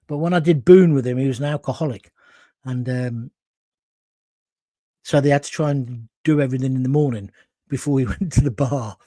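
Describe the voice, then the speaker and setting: On a close mic with no room sound, a man hosts a live talk show, reading viewer comments aloud and rambling through anecdotes. His voice is medium in pitch and a little mellow.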